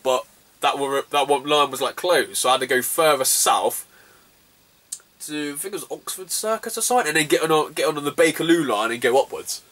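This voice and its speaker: A man's voice: a little high, brisk, fairly bright tone, recorded from a distance. A young man from the southwest of England, telling a travel mishap story in casual vlog style, laughing often and swearing freely. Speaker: retro gaming vlogger.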